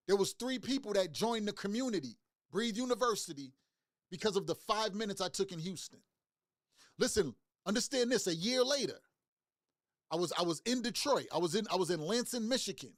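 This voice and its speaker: A man's voice: sits high, no room sound, studio quality. A man telling a motivational story in loose slangy talk, often repeating his words as he goes. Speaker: motivational speaker.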